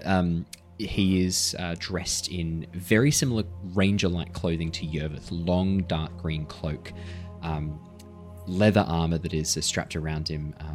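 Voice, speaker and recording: A man narrating as dungeon master, describing scenes with rambling restarts and ums. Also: very deep voice. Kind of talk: narrating a tabletop game.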